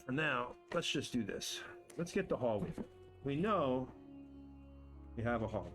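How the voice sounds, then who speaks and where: A man's voice: medium pitch, expressive, a little slow, fairly bright tone, faint music behind. Playful man chatting while building. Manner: playful, talks to himself, jokingly boastful. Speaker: streamer building tabletop game terrain. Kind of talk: casual live-stream chat while building. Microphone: desk mic with headphones.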